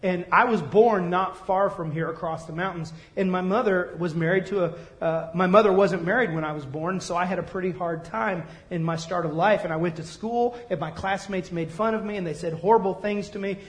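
A man's voice: high voice, fairly quick, few pauses, close to an everyday voice. A preacher voicing an earnest old man. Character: old man recalling a hard boyhood.

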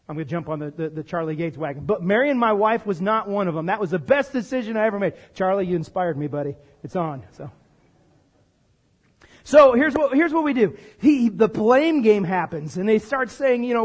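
High-voiced, animated male pastor. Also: brisk, husky. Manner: lively, jokes with the congregation. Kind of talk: sermon.

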